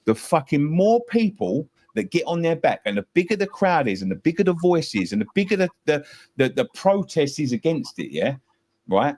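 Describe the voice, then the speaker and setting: A man's voice: a little high, very animated, normal speed, darkish tone. Fired-up man ranting about football. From England. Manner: passionate, swearing, repeating himself. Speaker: football fan guest. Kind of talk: heated fan-show chat.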